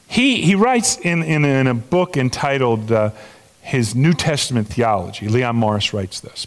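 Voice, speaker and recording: Older guy preaching, kinda high voice, chatty with lots of restarts, big echoey hall. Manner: conversational preaching with restarts and swings in pitch. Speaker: pastor. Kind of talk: sermon. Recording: long reverb of a large hall.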